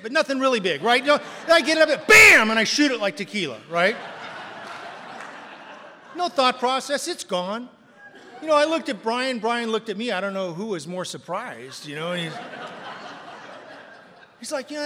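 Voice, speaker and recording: Guy with a high bright voice cracking up a crowd, big loud punchlines, echoey hall. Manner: animated, acts out voices and punchlines, self-mocking. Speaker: storyteller. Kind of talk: recovery storytelling with comic bits.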